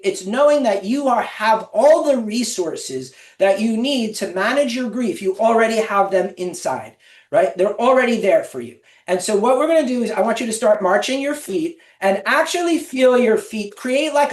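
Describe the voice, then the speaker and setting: A woman presenting a webinar, leading listeners through a guided exercise and chanting affirmations with them in an encouraging way. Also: on the high side. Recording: echoey room, mic at a distance.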